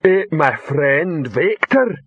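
Man doing a slow broken-English troll boss. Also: a little high, animated, a bit bright, husky, dry recording, highs cut off, pitched above the performer's own voice, heavily acted. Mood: bellowing. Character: large slow brutish male troll leader.

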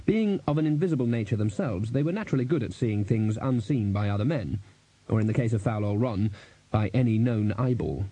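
A man narrating an audiobook in a measured, even storytelling manner, giving each character a voice. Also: lowish voice, husky.

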